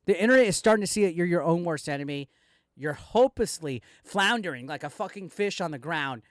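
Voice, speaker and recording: A man with a notably high-pitched voice rants through a commentary video. He swears constantly and talks straight at the person he is attacking. The sound is dry, with no room echo. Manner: profane, heated ranting addressed straight at a rival. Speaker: commentary channel host. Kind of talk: angry reaction commentary.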